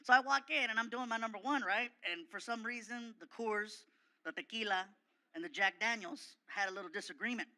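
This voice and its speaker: Male comic guest, animated storyteller, high and bright. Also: fairly quick. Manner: animated, excitable, self-mocking. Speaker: guest comedian. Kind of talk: comedic storytelling in an interview.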